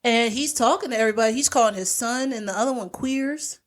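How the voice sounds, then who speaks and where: A woman's voice: fairly high pitch, fast talker. A woman, co-hosting a podcast and recapping a movie in casual chat, acting out the characters' lines as she goes. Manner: animated storyteller, acts out characters' lines. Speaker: podcast co-host.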